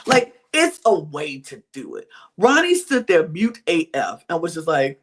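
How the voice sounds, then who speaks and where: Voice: medium pitch, a little slow. A podcast co-host in casual chat, telling stories animatedly and acting out quotes. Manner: animated storytelling with acted-out quotes. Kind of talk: casual chat recapping reality TV.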